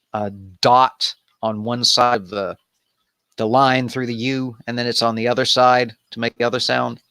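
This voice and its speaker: A man's voice: mid-range voice, pushed and bright, dry recording, studio quality. A man hosting an improvised bible study, reading aloud and commenting in a casual, irreverent way with wandering asides.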